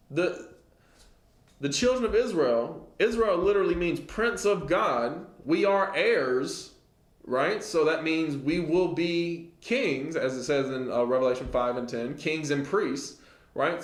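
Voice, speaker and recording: A man's voice: fairly high pitch, echoey room. A man giving an informal Bible lesson in a conversational way, often checking in with his listeners. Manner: conversational, many "all right?" check-ins. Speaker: Bible teacher.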